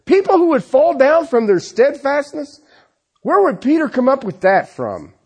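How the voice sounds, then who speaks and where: A man's voice: extremely high pitch, very animated, moderate pace. A man preaching a sermon who keeps asking rhetorical questions and checking in with the congregation with "okay?", telling stories with animation. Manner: peppers his points with rhetorical questions and "okay?".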